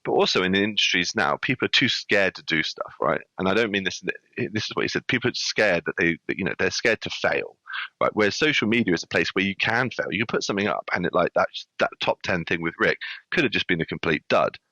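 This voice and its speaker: A man's voice: deep voice, animated, fast, bright, forceful tone, no echo. A man, a restaurant guest on a podcast, telling a funny story animatedly with lots of restarts. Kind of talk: casual storytelling. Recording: dull lo-fi sound.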